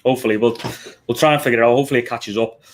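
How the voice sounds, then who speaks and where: A man's voice: mid-range voice, steady tone, racing. Chatty Liverpool man hosting a live stream. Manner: chatty, greets viewers one by one with "mate" and "buddy". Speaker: livestream host. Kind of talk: casual live-stream chat.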